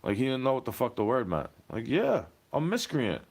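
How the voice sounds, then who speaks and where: A man's voice: medium pitch, sing-song, fairly quick. A man ranting to the camera in a heated, profane, rambling monologue.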